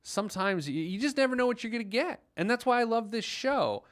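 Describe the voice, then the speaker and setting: A man's voice: very high voice, expressive, fairly quick. Chatty easygoing male podcast host. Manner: chatty, easygoing, lots of filler words. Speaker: podcast host and financial planner. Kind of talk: casual advice chat with a caller.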